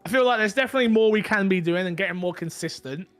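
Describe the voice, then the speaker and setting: A man hosting a casual gaming podcast, talking in a rambling, animated way with many restarts. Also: sits high, very fast, faint music behind. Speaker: podcast host. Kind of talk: casual group chat.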